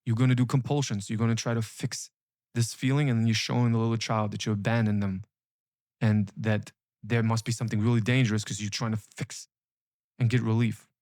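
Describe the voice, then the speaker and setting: A man's voice: lowish voice, flat delivery, fairly quick, darkish tone, no room sound, clean studio sound. A man coaching listeners on emotional healing, speaking emphatically and repeating key phrases with urgency. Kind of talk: motivational coaching talk.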